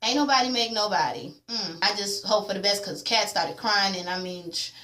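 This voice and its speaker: Woman with slang, blunt opinionated recap, bright higher voice, roomy echo. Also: moderate pace. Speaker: vlogger recapping a TV episode. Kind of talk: casual chat. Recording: echoey room.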